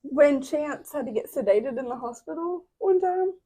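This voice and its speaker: High-voiced woman chatting casually. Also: animated, dark tone. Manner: quick reactive listener who laughs often. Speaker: co-host and mother. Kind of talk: casual chat.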